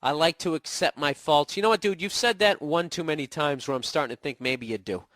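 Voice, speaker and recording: A man's voice: a little high, fairly quick, a bit bright, no room sound, clean studio sound. A man getting over a cold, ranting casually and profanely as a podcast host, blunt and sarcastic. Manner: blunt, swearing, sarcastic asides. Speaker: podcast host answering a listener email. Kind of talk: casual profane comedic rant.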